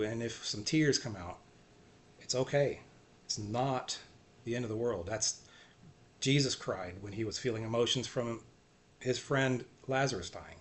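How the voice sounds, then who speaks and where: A man giving an earnest, self-encouraging faith talk, repeating short phrases and often trailing off softly. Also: mid-range voice. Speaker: faith vlogger. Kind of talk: personal faith talk to camera.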